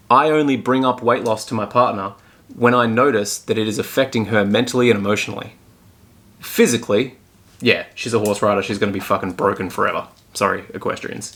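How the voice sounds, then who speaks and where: A man's voice: on the low side, fairly bright tone. A young man hosting a solo podcast, talking bluntly and frankly and swearing often. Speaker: podcast host and fitness coach. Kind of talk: casual solo podcast talk.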